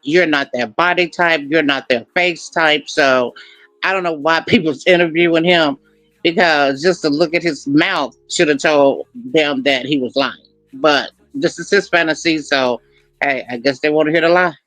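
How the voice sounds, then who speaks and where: A man's voice: a little high, moderate pace, a bit bright, no echo, soft background music, rough recording. Guy hosting a reaction video, scoffing, repeats himself, dead dry audio. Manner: skeptical, scoffing, repetitive. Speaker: commentary host. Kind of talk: reaction commentary.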